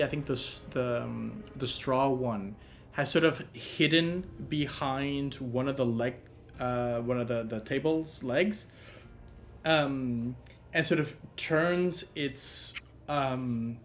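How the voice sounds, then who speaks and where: A man narrating a tabletop game as game master, pausing often with ums and restarts. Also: medium pitch, a little hiss or hum. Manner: halting, full of ums and restarts.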